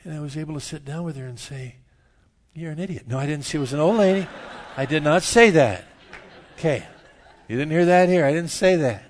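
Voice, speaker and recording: A middle-aged man preaching a sermon, telling stories and swinging from quiet asides to loud outbursts. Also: fairly high pitch, lively intonation, a little fast. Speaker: pastor. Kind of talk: sermon with storytelling.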